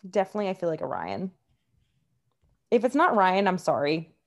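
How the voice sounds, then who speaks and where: A woman's voice: lowish voice, big pitch swings, normal speed, vocal fry. Chatty woman co-hosting a podcast. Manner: chatty, heavy on fillers like "like" and "um"; openly exasperated about the subject. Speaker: podcast co-host. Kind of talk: casual true-crime podcast chat.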